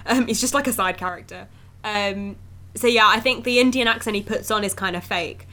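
A woman's voice: mid-range voice, fairly quick, bright, forceful tone. A young woman talking frankly and casually as a film podcast co-host, with plenty of "like" fillers. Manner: chatty, frank, lots of "like" fillers. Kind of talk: casual chat.

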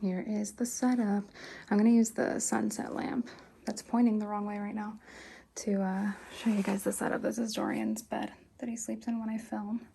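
A young woman in a soft, chatty, giggly whisper, giving an ASMR house tour of her home. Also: medium pitch, normal speed, gravelly. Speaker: ASMR creator. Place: home, indoors. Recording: steady background hiss with clicks.

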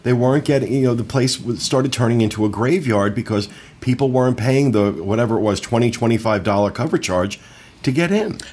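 A man's voice: medium pitch, brisk, a little mellow. A man hosting a podcast in casual chat, rambling along with plenty of fillers. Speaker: podcast host.

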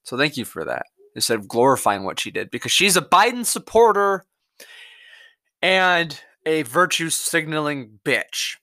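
A man's voice: fairly high pitch, very animated, a little slow, bright, forceful tone, no echo, clean studio sound. Angry, profane man ranting on a podcast. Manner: angry, profane, rambling monologue. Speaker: podcast host. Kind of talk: solo political podcast rant.

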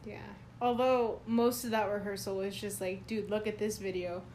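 A woman's voice: mid-range voice, steady tone, moderate pace, darkish tone, a little hiss or hum. A woman co-hosting a casual chat podcast, telling rambling stories with frequent giggles. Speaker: podcast co-host, band student.

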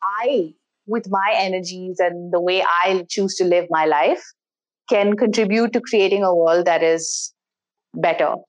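A woman talking casually and frankly, swearing freely and telling stories in an animated way. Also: fairly low pitch, a little slow, lo-fi sound. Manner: frank, profane, animated storytelling. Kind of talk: casual philosophical chat.

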